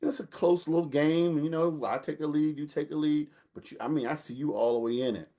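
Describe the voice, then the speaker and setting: A man, telling a lively family story in casual chat and acting out the voices of the people in it. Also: fairly high pitch, fairly quick. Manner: animated storyteller, acts out quotes, laughs while telling. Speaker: older brother telling a story.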